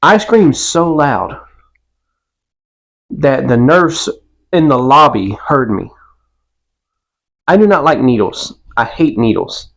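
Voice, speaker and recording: A man's voice: medium pitch, expressive, takes it slowly, creaky, long pauses, fairly bright tone. Laid-back man telling stories. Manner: laid-back storytelling with a Southern "y'all". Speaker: podcast co-host. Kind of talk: casual chat.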